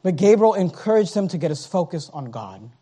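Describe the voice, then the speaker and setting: A man preaching a sermon, acting out the scripture characters and swinging from hushed tones to shouting. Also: high voice, big pitch swings, fairly quick, husky. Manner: dramatic, acts out the scripture characters.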